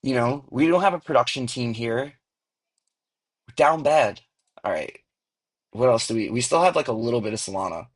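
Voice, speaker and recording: A man chatting on a casual livestream, loose and slangy, tossing in "bro" and "like" constantly. His voice is mid-pitched and comes through earbuds. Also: lively intonation, normal speed, long pauses. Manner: slangy, rambling, says bro a lot. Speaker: livestream host. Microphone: earbuds mic.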